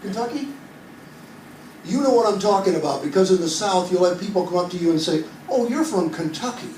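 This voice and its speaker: Man, 50s, from Iowa, stand-up comic on a cruise ship, high voice, chatty crowd-work storyteller, echoey far-off room sound. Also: brisk, darkish tone. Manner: chatty storyteller, quizzes the audience, builds to punchlines. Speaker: stand-up comedian. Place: entertainment venue on a cruise ship. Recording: echoey room heard from a distance with ambient noise.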